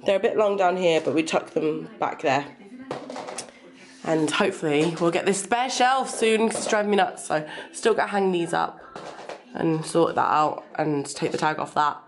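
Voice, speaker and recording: A woman's voice: low-pitched, moderate pace, a little hiss or hum. A young English woman vlogging at home, encouraging her baby with sing-song baby talk and chatting to the camera. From Cheshire, England. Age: young adult. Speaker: vlogger and mother. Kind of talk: casual home vlog. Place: home living room.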